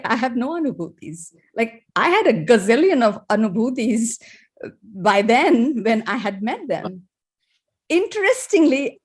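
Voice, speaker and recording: Woman, fairly high voice, emotional testimony given through tears, heartfelt storytelling. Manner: emotional, tearful, warm storytelling. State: close to tears. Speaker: participant sharing testimony. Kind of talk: personal spiritual testimony.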